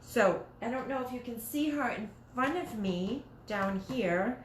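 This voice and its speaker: A woman hosting a home live stream talks slowly and loosely, wandering through her thoughts and stopping to restart half-finished sentences. Her voice sits in a roomy, echoey dining room. A faint hiss of background noise runs underneath. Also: on the high side, animated. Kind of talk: casual live-stream chat while crafting.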